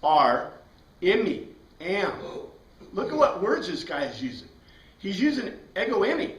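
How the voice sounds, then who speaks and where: A man teaching a Bible class lectures step by step and poses questions to his students. His voice sits high with huge pitch swings at a measured pace. The sound is roomy, captured by a distant mic.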